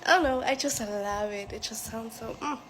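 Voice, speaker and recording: A young South African woman with a South African accent, chatting casually to camera in a soft voice with many fillers. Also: a little high, slight background noise, poor audio. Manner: soft-spoken, filler-heavy, with quick rushed bursts. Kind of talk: casual vlog chat to camera.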